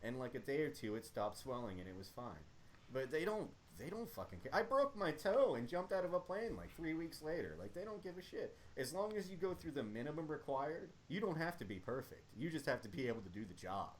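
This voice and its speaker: A young man who served in the army speaks briskly in a slightly high, sing-song voice, with a bit of background noise. Chatting casually as a podcast guest, he rambles through crude war stories about his service.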